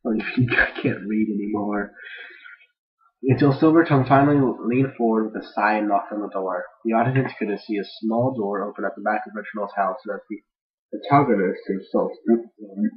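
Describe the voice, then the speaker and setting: A man's voice: on the low side, moderate pace. A man casually reading a fan-fiction story aloud without edits, rambling with jokey asides and stumbling over words, on a dull lo-fi home mic.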